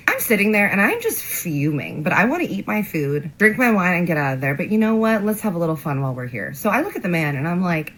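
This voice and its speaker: A woman's voice: fairly low pitch, very animated, fast, few pauses, rough recording. A woman telling a story about a bad date in a sarcastic, indignant way. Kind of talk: casual storytime.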